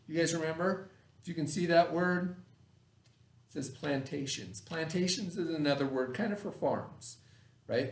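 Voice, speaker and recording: A male teacher talks a class of children through a lesson, patiently checking that they follow. His voice sits a little high. It comes from across the classroom, with echo from the room. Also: normal speed. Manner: patient, checks in with "okay?" and "right?". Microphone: camera across the room. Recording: echoey classroom, from far off.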